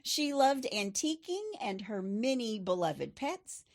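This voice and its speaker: A middle-aged woman hosts a true crime podcast, recounting the case chattily with personal asides. Her voice is a little high, sing-song, and slow.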